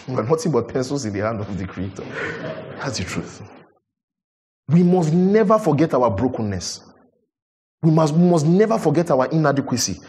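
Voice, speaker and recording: A man preaching a sermon, animated, building to emphatic peaks and questioning his listeners. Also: fairly high pitch.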